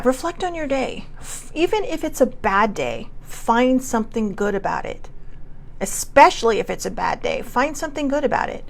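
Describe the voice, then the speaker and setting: A middle-aged woman hosts a casual self-care show, chatting freely and rambling from story to story. Her voice sits fairly high and swings about with lively pitch. She sounds a little congested, with a laugh never far away. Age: 40s. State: coughing, sinus congestion. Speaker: host.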